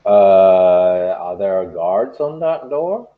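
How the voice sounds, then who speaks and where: A man's voice: deep voice, lively intonation, very slow, phone-quality sound. A man playing a tabletop game, talking casually and laughing easily. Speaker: player.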